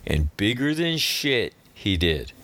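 A man's voice: on the low side, slow pace. A man who works as a radio host, telling a story casually and acting out the people he quotes. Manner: animated, acts out quoted speech.

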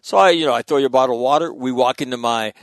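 A middle-aged man in a casual podcast conversation, telling stories in a profane, animated way. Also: medium pitch, rapid-fire, creaky, dry recording.

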